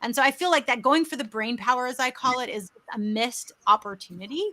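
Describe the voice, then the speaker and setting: An effusive woman hosting an online interview, her voice bright and ringing. She pitches a little high and tells her stories with eager energy. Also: brisk. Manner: upbeat, effusive, storytelling. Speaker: host. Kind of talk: virtual interview chat.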